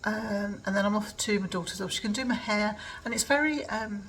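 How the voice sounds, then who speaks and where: A woman's voice: medium pitch, brisk, fairly bright tone, a little hiss or hum, rough recording. An older woman from England chatting casually in a home vlog, rambling with lots of ums. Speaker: vlogger. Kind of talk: casual chat.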